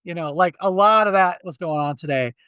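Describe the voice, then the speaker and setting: A man's voice: high-pitched, a little fast, clean tone, dry recording. A man co-hosting a casual movie review podcast, telling stories with lots of restarts and acting out quotes. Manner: animated storyteller, acts out quotes. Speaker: podcast co-host.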